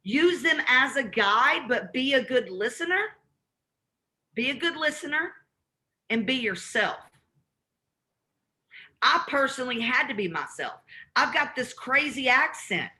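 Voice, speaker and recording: A woman with a Southern accent running a live real estate training call, acting out both sides of cold calls in an animated way. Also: sits high, measured pace, pauses often.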